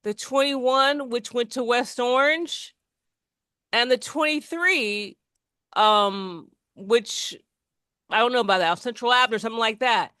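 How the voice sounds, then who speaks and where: A woman's voice: a little high, a little slow, bright, forceful tone, clear, resonant tone, dry recording, clean studio sound. A woman co-hosting a podcast, rambling in casual chat with lots of restarts and fillers. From New Jersey. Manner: rambling, many restarts and fillers, laughs often. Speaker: podcast co-host.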